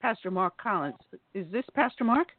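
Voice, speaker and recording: A woman hosting a talk radio show, hoarse from losing her voice, chatty and clearing her throat often. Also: medium pitch, big pitch swings, normal speed, no echo, narrow, tinny audio.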